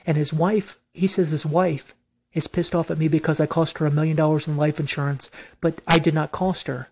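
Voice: medium pitch, little pitch movement, fairly quick, darkish tone, breathy edge. A vlogger giving a heated, profane and repetitive venting monologue, aggrieved and insistent.

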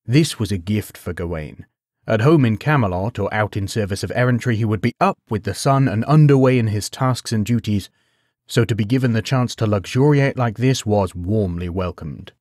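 A man narrating a bedtime story in a measured, unhurried way. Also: on the low side, darkish tone, dry recording, studio quality.

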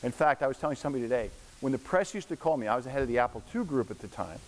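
A guest lecturer in his sixties speaks very fast in a medium-pitched, animated voice. He delivers a casual, story-filled lecture to an audience in a university hall, doing voices when he quotes people. The echoey room carries a faint hiss.

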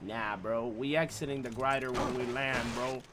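A young man streaming a shooter game live, swearing and trash-talking through casual commentary with sudden loud outbursts. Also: mid-range voice, fairly even intonation, normal speed, heavy background noise. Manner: profane, loud, reacts with outbursts and trash talk. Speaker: gaming streamer.

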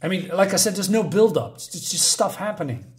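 Man, comic reviewer, mocking and sarcastic, slightly higher voice. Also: big pitch swings, a little fast.

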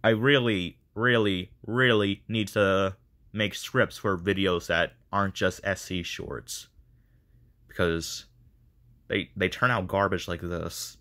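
A man with a low, fairly bright voice speaks slowly with fairly even intonation. He's a video creator running a voice casting call, chatting casually to viewers in a rambling, self-deprecating way.

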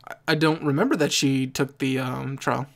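A man's voice: mid-range voice, steady tone, moderate pace, creaky, a bit bright. A young man hosting an anime reaction video, chatting casually and rambling, often restarting and correcting himself mid-sentence. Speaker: anime reaction channel host.

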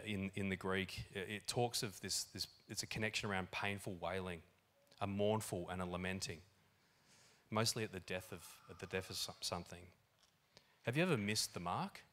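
A man preaching a sermon in an animated, conversational way, with lots of fillers. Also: fairly low pitch, normal speed. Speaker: pastor. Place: church hall.

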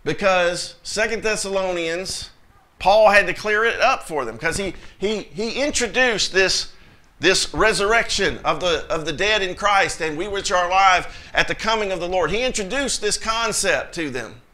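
A man preaching a sermon with a high, bright voice. He drives his points hard, breaking into sudden bursts. When he quotes scripture, his voice rises. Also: lively intonation, normal speed. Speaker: pastor.

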